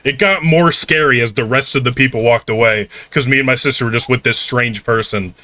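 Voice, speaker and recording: A man's voice: medium pitch, brisk, bright, forceful tone, no room sound. A man co-hosting a podcast, telling stories in casual chat, rambling with lots of "like" and swearing freely. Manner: rambling, heavy use of "like", swears a lot. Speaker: podcast co-host.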